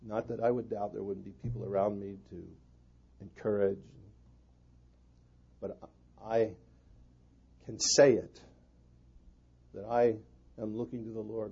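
A pastor preaching an earnest sermon to fellow pastors. His delivery swings from loud emphasis to hushed prayer. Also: on the low side, flat delivery, unhurried, gravelly, pauses often, lo-fi sound, a little hiss or hum.

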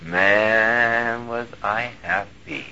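A male pastor telling a personal story in a sermon, animated and moving between hushed and loud delivery. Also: on the low side, very slow, slight background noise. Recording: dull lo-fi recording.

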